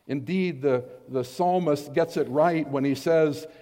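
Man preaching slow n earnest, kinda high voice, big echoey church hall. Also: warm tone. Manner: earnest, emphatic preaching with dramatized quotes. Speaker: pastor. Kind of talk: sermon.

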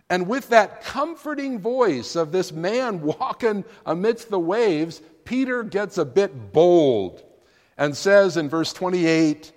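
A man's voice: high voice, animated, slow, darkish tone. A man preaching a sermon in a church sanctuary, with an emphatic, dramatic delivery. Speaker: pastor. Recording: long reverb of a large room.

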